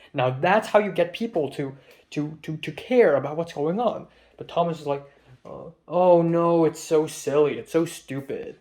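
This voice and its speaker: A man's voice: a little high, darkish tone. Rambling, swearing young man from Hong Kong. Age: young adult. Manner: rambling, profane, with many fillers. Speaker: film student vlogger. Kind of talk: casual diary vlog.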